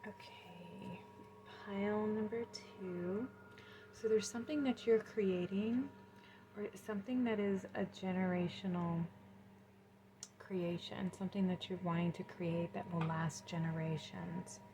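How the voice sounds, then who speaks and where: Soft-spoken woman reading tarot cards. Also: fairly low pitch, fairly even intonation, measured pace, slight background noise, rough recording. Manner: gentle, soothing, emotional and effusive. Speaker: tarot reader. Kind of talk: pick-a-card tarot reading.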